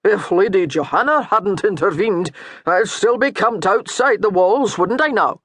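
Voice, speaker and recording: A woman's voice: medium pitch, expressive, measured pace, fairly bright tone, no echo, pitched above the performer's own voice. Woman voicing a dour, mocking Scottish priest. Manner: baiting, scolding, dour.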